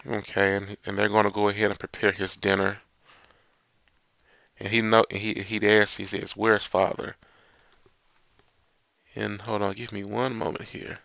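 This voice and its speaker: Low gravelly man reviewing a manga chapter. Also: monotone, moderate pace, a bit bright, dry recording. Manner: rambling, stop-start, reads dialogue aloud without doing voices, chuckles. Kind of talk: casual manga chapter review, reading panels aloud.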